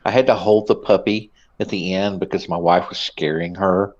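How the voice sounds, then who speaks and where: Low, laid-back man with muffled sound. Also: fairly even intonation, normal speed, a crowd in the background. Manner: laid-back, hesitant with many fillers. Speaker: podcast co-host. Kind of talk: casual sports chat. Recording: slightly dull, muffled sound.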